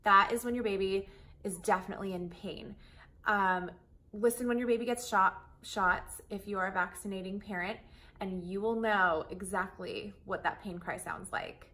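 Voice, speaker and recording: A woman's voice: medium pitch, steady tone, moderate pace, sharp tone. A woman hosting a parenting lesson, explaining in a friendly, reassuring way. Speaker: host.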